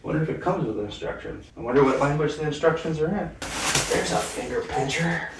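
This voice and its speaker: A man's voice: a little high, brisk. A man hosting a home project video, chatting casually and joking while he assembles something. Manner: joking, offhand commentary. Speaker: channel host. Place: garage or home room. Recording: echoey room, mic at a distance, noisy.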